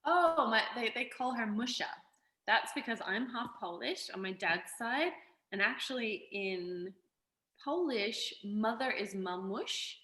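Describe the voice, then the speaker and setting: Australian actress guest, bright and forceful voice, animated, echoey room. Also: female voice, a little high, a little slow. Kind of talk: casual interview chat.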